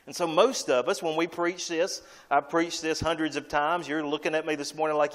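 A man's voice: on the high side, level tone, normal speed, few pauses, a bit bright. A male pastor preaching a sermon, emphatic and repeating key lines.

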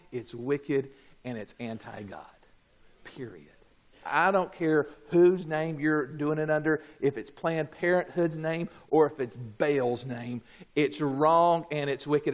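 A pastor preaching a sermon, swinging between shouted peaks and low quiet asides, joking and calling for responses from the congregation. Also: male voice. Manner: humorous, calls for audience response.

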